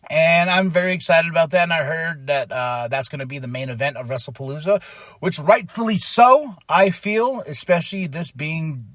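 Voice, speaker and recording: Brief: excitable male podcast host, casual wrestling recap, dry close-miked sound. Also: fairly high pitch, normal speed, no room sound. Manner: excitable, laughs often, mimics wrestlers in quotes.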